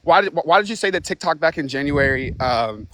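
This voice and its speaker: A man questioning someone on a live stream while out of breath from walking, halting and restarting. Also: a little high, expressive, pushed and bright, no echo.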